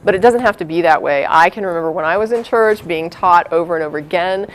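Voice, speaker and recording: A woman's voice: lowish voice, fast talker. A woman co-hosting a live call-in TV show in a studio, explaining her views in an earnest, reflective way. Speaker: co-host. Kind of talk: casual commentary.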